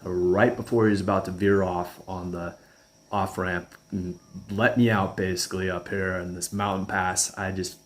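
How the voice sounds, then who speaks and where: Low-voiced man telling a rambling story. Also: level tone, normal speed. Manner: rambling, chuckling, restarts often. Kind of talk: casual personal storytelling.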